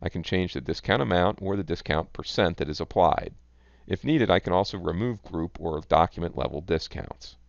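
A man giving scripted narration for a software product demo, measured and even. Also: low-pitched, vocal fry, dry recording. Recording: dull, lo-fi dry voice-over.

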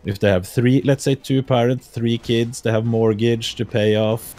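A man from Norway with a Norwegian accent, chatting casually on a call, speaking English as a second language and often pausing to find his words. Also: mid-range voice, steady tone, darkish tone. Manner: hesitant, searching for words, plain-spoken. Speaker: guest streamer.

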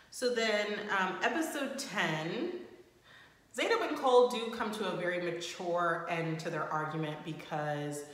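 A young woman recapping a reality show at home in a chatty way, breaking into loud shocked indignation. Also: lowish voice. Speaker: recap host. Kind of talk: casual recap commentary. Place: home room. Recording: roomy echo with long reverb.

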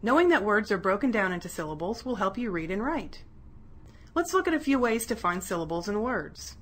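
A woman giving scripted educational narration for children, clear and encouraging, sounding out words in pieces. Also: mid-range voice, sing-song, brisk. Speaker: instructional narrator.

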